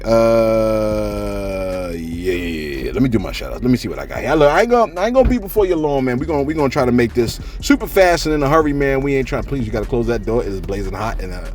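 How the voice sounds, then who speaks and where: Animated man doing casual vlog commentary. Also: mid-range voice. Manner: animated, rhetorical, keeps saying "you know what I'm saying". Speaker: celebrity news commentator. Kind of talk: casual vlog commentary and viewer shout-outs.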